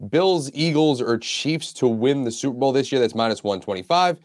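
A man with a middle-pitched voice talks through betting odds in a relaxed, easygoing way on a sports podcast. He lays out the numbers plainly. The recording is dry and close. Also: moderate pace, no echo. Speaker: podcast co-host. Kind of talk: casual sports betting chat.

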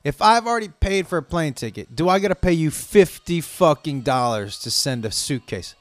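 A man's voice: fairly high pitch, lively intonation, moderate pace, dry recording. A man delivering an angry, profanity-heavy, stream-of-consciousness rant to his viewers. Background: faint music playing.

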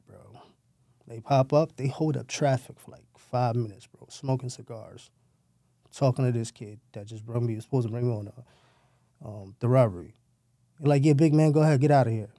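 Dark-voiced New man telling a story. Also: medium pitch, dry recording, studio quality. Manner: street slang, profane, loose and rambling. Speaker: former gang member telling his story. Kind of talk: casual storytelling.

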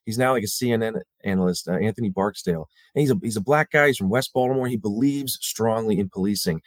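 A man's voice: fairly low pitch, no room sound. A man speaks as a guest in a casual talk, recorded in a dry, close setting. He restarts his sentences often and slips into other people's voices to act out what they said. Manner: halting restarts, acts out quotes. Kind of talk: casual conversation.

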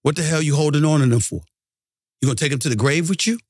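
Heated sports-show host, ranting. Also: male voice, a little high, fast, dry recording, studio quality. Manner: emphatic, heated, repeats for emphasis. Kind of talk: ranting sports commentary monologue.

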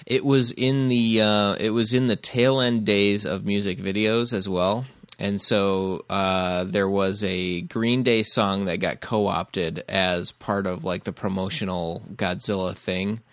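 A man co-hosting a podcast in casual chat, easygoing and quick to laugh. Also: lowish voice, steady tone, a bit bright, no echo. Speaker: podcast co-host.

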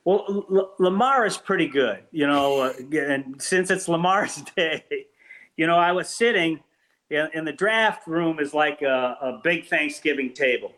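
An older man recalls old times as an interview guest, his voice sitting a little high for a man. He tells his stories with animation, often restarting his sentences as he goes. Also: a little slow, low-quality recording. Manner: animated storyteller with many restarts. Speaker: former team PR executive, guest. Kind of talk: storytelling anecdotes in an interview.

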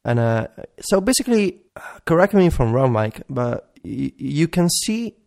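A man's voice: medium pitch, very animated, moderate pace, creaky, a little mellow. A man with an Italian accent, a native Italian speaker, co-hosting a podcast with an eager, easygoing manner. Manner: eager, laughs easily. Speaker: podcast co-host. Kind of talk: casual chat.

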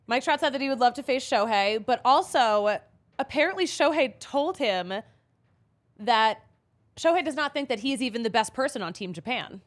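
A woman's voice: high-pitched, expressive, moderate pace. Bubbly young woman podcast host. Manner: bubbly, laughs often. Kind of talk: casual chat with ad read.

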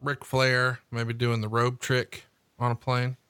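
A man's voice: mid-range voice, completely flat delivery, slow, sharp tone, clean tone, no room sound, clean studio sound. A man co-hosting a podcast, putting short, hesitant questions to his guest. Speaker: podcast co-host, interviewer. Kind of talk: casual interview questions.

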